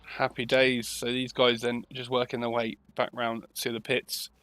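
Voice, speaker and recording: A man talks through an online race with a bright, forward voice. He keeps the commentary loose and chatty, poking fun at himself between calls. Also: mid-range voice, completely flat delivery, moderate pace, no room sound. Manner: chatty, laughs often, self-deprecating. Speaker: sim racing commentator. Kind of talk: casual live commentary banter.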